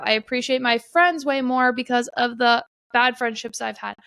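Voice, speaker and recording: A young woman talks through a casual solo podcast in a high voice, candid and earnest. She swears often and repeats points for emphasis. The recording is dry and close on the mic. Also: fairly bright tone, no room sound. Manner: blunt, frequent swearing, emphatic repetition; earnest, confessional. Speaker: podcast host.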